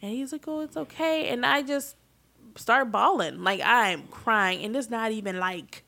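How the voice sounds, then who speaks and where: A woman in her thirties casually telling a personal story, getting animated and loud at emotional moments. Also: fairly high pitch, unhurried, gravelly. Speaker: vlogger telling a family story.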